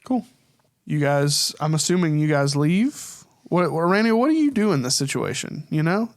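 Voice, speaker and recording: A man's voice: fairly high pitch, big pitch swings, normal speed, no room sound, clean studio sound. A young man narrating a tabletop game as dungeon master, casual and laid-back, swearing freely.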